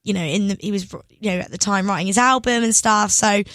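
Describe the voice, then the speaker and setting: A young woman, a singer, telling stories in an excitable, giggly way as a radio guest. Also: medium pitch, quick pace, no room sound. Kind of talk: casual interview chat. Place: radio studio.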